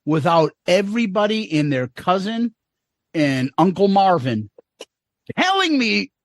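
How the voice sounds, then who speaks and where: Man, podcast co-host, gravelly, animated, profane, ranting, dry sound. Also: high voice, unhurried, no echo. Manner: profane, ranting, mocking voices. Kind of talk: casual chat.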